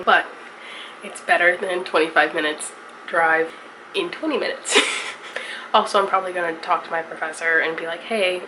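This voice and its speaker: A young woman, a college student, telling a day's recap in a casual, swearing, chatty vlog. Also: fairly low pitch. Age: young adult. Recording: vlog with clear ambient noise.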